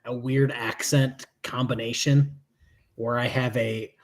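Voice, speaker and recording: A man's voice: medium pitch, little pitch movement, slow pace. Laid-back Michigan man, a bit tipsy. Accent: Michigan with slips into Southern. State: has been drinking. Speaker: co-host of a live stream. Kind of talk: casual chat.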